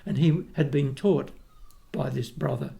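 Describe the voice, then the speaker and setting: A man's voice: medium pitch, unhurried, gravelly, warm tone. An older Australian man, a retired opera tenor, tells rambling anecdotes in a casual interview, restarting sentences and acting out the people he quotes.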